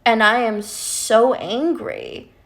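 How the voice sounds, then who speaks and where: A woman's voice: fairly high pitch, huge pitch swings, slow pace, vocal fry. A woman coach talking casually to her viewers, candid, swearing freely and often ending points with "right?". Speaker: love and spiritual coach. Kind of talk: casual livestream talk to viewers.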